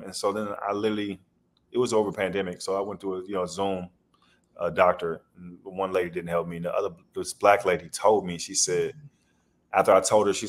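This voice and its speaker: A man guest on a podcast, telling rambling stories in a loose, slangy way. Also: sits low. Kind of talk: casual storytelling interview.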